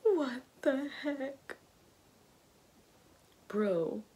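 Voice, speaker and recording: A woman's voice: high-pitched, expressive, very slow. A young woman vlogging from her bedroom, talking nervously and giggling between gasping exclamations. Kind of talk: casual vlog chat. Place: bedroom at home.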